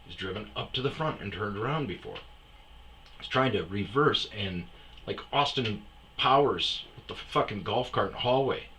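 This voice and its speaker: A man tells a rambling, profane story in a casual, offhand way. His voice sits a little low but comes across bright and forward. He jumps into loud, shouted bits whenever he acts out a scene. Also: lively intonation, moderate pace, slight background noise. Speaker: storyteller host. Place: lives on a self-storage property in Arizona.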